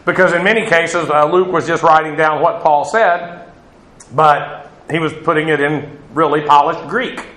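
A man's voice: a little high, fairly even intonation, moderate pace, fairly bright tone, echoey room, rough recording. A male pastor giving a conversational Bible teaching, loose and digressive with many fillers. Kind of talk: sermon.

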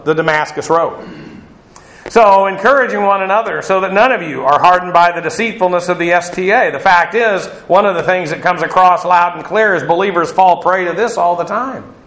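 A man's voice: high voice, normal speed, a bit bright, echoey room, rough recording. A male pastor giving a conversational Bible teaching, loose and digressive with many fillers. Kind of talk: sermon.

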